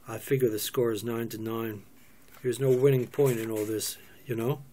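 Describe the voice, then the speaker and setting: A man's voice: mid-range voice, steady tone, moderate pace, dark tone, close to an everyday voice. A man voicing a weary, wry man on the verge of leaving, dry and sardonic in his speech.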